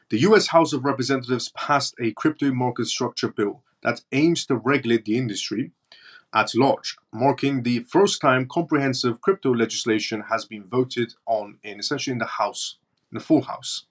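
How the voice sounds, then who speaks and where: A man with a British accent hosting a live stream, reading news and viewer comments aloud in a blunt, mocking way. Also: medium pitch. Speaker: crypto livestream host.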